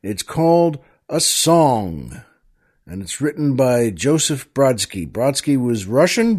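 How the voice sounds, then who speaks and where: A man's voice: a little high, a little mellow. A man hosting a comedy podcast, telling jokes in a chatty monologue full of asides and chuckles. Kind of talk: casual comic monologue.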